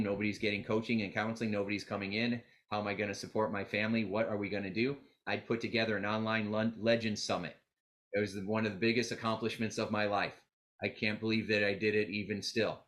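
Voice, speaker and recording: A man presenting a live motivational seminar on getting clients, telling stories with acted-out quotes and calling on the audience to repeat after him. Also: fairly low pitch. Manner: energetic, animated storytelling with quoted dialogue.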